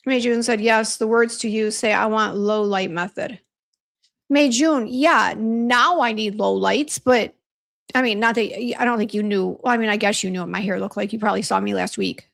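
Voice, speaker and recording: With a medium-pitched voice, vocal fry, and normal speed, a woman who owns a beauty brand hosts a casual livestream. She reads comments and greets viewers by name while venting about a poor hair appointment, often restarting and using fillers.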